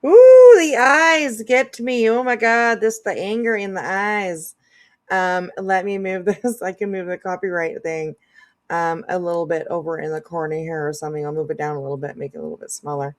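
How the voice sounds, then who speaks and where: A woman's voice: on the low side, fairly even intonation, a little fast. A woman casually commenting on clips during a live stream, chatty and laughing often.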